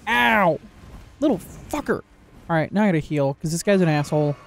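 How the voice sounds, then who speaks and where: A man giving casual gameplay commentary, joking, swearing and reacting loudly to the game. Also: on the high side, expressive, moderate pace. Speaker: gaming video creator.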